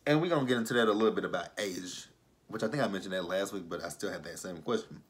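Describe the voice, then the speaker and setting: Chatty low-voiced man recapping a show. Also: quick pace. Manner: chatty, loose, with many fillers. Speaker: TV show reviewer. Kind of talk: casual episode recap.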